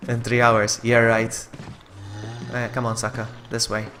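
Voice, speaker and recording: A man streaming a horror game, talking to himself in casual commentary that swings from low muttering to frustrated yelling. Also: completely flat delivery, measured pace, slight background noise.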